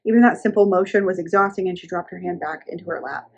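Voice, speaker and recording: A woman's voice: fairly low pitch, fast talker, lo-fi sound. A young woman reviewing a book, chatting casually and reading passages aloud. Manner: chatty recap, filler "like", reading passages in a calm voice.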